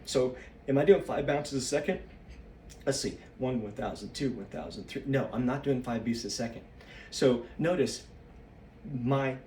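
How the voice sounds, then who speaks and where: A solo practice vlogger in his fifties, his voice mid-range and a little mellow, sounds slightly out of breath as he shakes his body and thinks aloud, rambling and losing his train of thought. The recording is reverberant and far from the mic, with a little hiss or hum.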